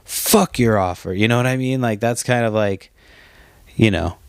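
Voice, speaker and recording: A man's voice: medium pitch, normal speed, clear, resonant tone, no echo. A man hosting a podcast, telling a story in a loose, profane ramble. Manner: profane, animated storytelling with quoted back-and-forth. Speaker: podcast host. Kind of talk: casual rambling monologue.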